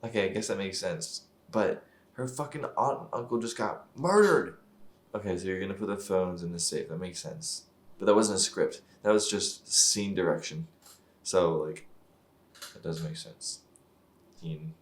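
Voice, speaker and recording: A man with a fairly low voice reacts to a TV show in loose, swear-filled commentary. He sounds exasperated and mocking, and laughs often as he picks the script apart. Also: moderate pace. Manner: laughs often while talking.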